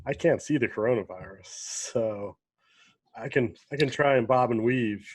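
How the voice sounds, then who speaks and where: A man's voice: medium pitch, moderate pace, husky. A man co-hosting a casual podcast, joking and trailing off mid-thought. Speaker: podcast co-host. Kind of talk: casual chat.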